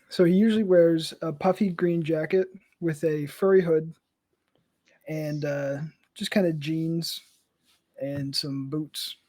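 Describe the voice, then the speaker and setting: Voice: mid-range voice, a little mellow. A tabletop game player who describes a character in a rambling, casual way.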